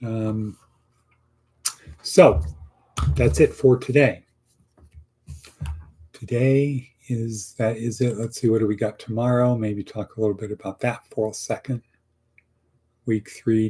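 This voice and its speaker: Middle-aged male coach, mellow and husky, casual teaching tone. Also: on the low side. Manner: coaching, acts out sample answers, repeats lines for emphasis. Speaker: teacher of a career class. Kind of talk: casual online lesson.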